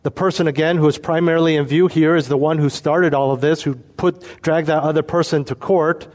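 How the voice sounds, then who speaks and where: Man, pastor, expository sermon, emphatic, measured delivery. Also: fairly high pitch, steady tone, a little mellow. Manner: earnest, emphatic, slows down for emphasis.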